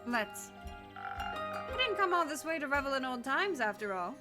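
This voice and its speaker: A woman's voice: high voice, big pitch swings, moderate pace, pitched below the performer's own voice. A woman voicing an aloof, world-weary adventurer woman who talks in a dry, bored, clipped way over game music.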